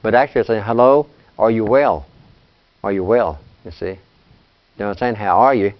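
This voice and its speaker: A man teaching a language class, talking in a relaxed, chatty way and laughing often. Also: on the low side, moderate pace, highs cut off. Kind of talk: classroom lesson.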